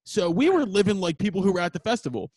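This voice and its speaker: A man hosting a podcast, swearing freely as he tells animated stories with a voice that swings up and down across a wide range. His voice sits a little high for a man. The sound is dry and close. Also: dry recording. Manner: animated, profane, quick storytelling. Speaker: podcast host and band member. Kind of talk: casual chat, storytelling.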